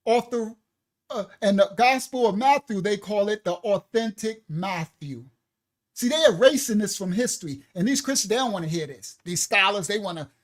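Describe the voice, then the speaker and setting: A woman teaching scripture on a livestream, animated and joking, with slangy asides and a loud, forceful delivery. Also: medium pitch. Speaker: ministry teacher.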